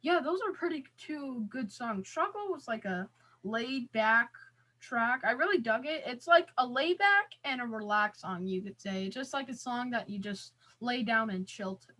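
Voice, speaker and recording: Playful, teasing woman host of a casual interview; her voice is a little high and bright. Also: expressive, moderate pace.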